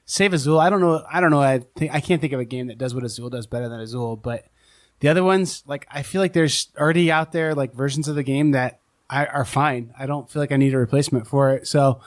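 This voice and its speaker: A man's voice: mid-range voice, fast talker. A man co-hosting a board game podcast in casual chat, rambling and hedging with a self-deprecating tone. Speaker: podcast co-host.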